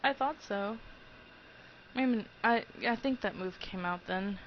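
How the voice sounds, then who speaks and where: A woman's voice: medium pitch, a little slow. A giggly, hyper young woman talks through her video game run in loose, rambling commentary. The recording is dull and lo-fi, with a faint hiss underneath. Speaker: let's play host. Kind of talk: casual gameplay commentary.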